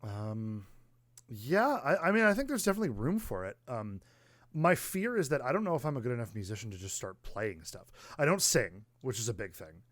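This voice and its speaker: A man from the United States co-hosting a podcast in casual chat, animated, full of fillers and mock outrage. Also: medium pitch, fairly quick, dry recording. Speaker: podcast co-host, musician.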